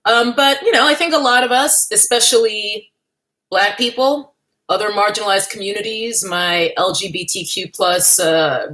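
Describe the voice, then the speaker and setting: A woman's voice: medium pitch, a bit bright. A young woman hosting a casual livestream from home, chatty and wry, laughing often and greeting viewers by name. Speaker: livestream host. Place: at home in California.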